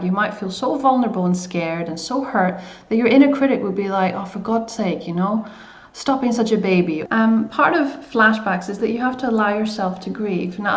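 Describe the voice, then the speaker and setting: A woman talks viewers through coping advice in a soft, unhurried, hesitant way, often pausing on fillers and restarting her sentences. Her voice sits at an ordinary middle pitch. The sound carries a noticeable room echo. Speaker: coach. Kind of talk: self-help video talk.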